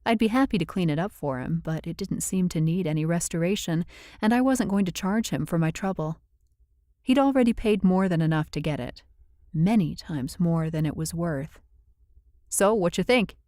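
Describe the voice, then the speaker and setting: A woman reads a first-person novel aloud as an audiobook, with a low-set, mellow voice. She tells the story in a measured, even way. The sound is close and completely dry, with no room at all. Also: no echo. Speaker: audiobook narrator.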